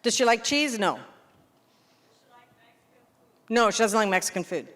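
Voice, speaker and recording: A woman teacher talks a roomful of people through a language game, quick and animated, often checking whether they follow. Her voice sits a little high. The hall gives it a long reverb tail. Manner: lively, animated teacher, quick questions to the room. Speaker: English teacher. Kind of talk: teacher workshop demonstration.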